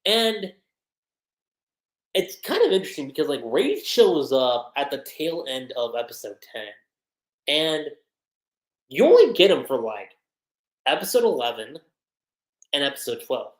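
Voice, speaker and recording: Casual male reviewer, animated delivery, echoey home room. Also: a little high, unhurried, pauses often. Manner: chatty, many fillers, quotes characters. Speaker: anime reviewer, livestream host. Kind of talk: casual recap commentary.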